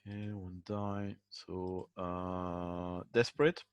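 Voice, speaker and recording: Hesitant low-voiced man playing a tabletop game. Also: flat delivery, slow, clean tone, dry recording. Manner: hesitant, restarts and fillers. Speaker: player.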